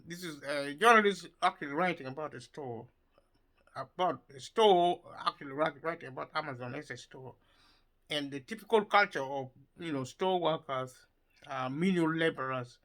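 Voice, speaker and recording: A man giving an opinion monologue for his video channel, halting as he talks, with many repeated words and fillers. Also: a little high, gravelly, pushed and bright, poor audio. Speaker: video commentator.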